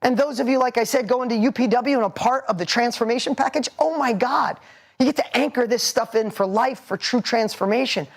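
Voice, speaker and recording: A man's voice: very high voice, brisk, creaky. A man in his forties giving a motivational seminar talk, punchy and emphatic, hammering points with repetition. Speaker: motivational speaker.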